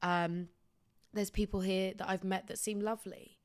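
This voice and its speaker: A woman's voice: medium pitch, level tone, moderate pace, clean tone. A British woman hosting a podcast, telling a comic story in a blunt, sweary, self-deprecating way. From Britain. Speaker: podcast host.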